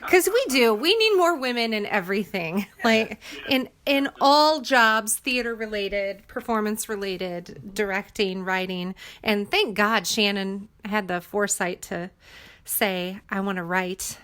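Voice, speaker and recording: A woman's voice: mid-range voice, steady tone, takes it slowly, a bit bright. A woman, a cast member on an audio drama podcast, chatting casually, laughing and joking at her own expense. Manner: chatty and giggly, self-deprecating. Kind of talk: casual chat.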